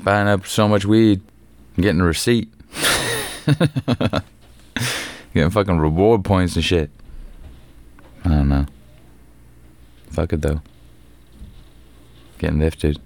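A young man hosting his own podcast alone, rambling through a casual story full of swearing, with sudden loud bursts. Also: sits low, takes it slowly, pauses often. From Canada. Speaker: podcast host. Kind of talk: casual solo podcast monologue.

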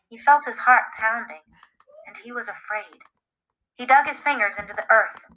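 A woman reading a story aloud with expressive, dramatic narration. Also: a little high, normal speed, poor audio. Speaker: podcast reader.

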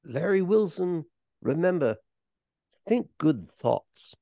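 A man's voice: fairly high pitch, sing-song, takes it slowly, warm tone, no room sound, clean studio sound, voice pushed up, exaggerated voice. A man briefly imitating a gracious, suave classic male film star.

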